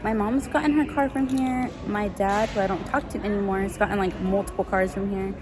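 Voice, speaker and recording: A woman's voice: medium pitch, fairly quick, crowd noise. A young woman vlogging casually to her phone while car shopping, chatty and a little tired, saying "like" and "guys" often. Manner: chatty, excited, lots of "like" and "guys". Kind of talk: casual vlog to camera. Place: car dealership lots and showrooms. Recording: phone video with loud background noise. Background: kids playing and people talking.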